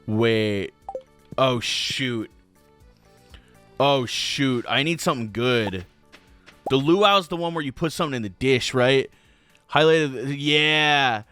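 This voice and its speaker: A man's voice: mid-range voice, slow, pauses often, bright, forceful tone, clear, resonant tone, soft background music. A young man hosting a casual game playthrough, rambling with lots of "um"s and jokey slang. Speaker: gaming channel host. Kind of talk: casual let's play commentary.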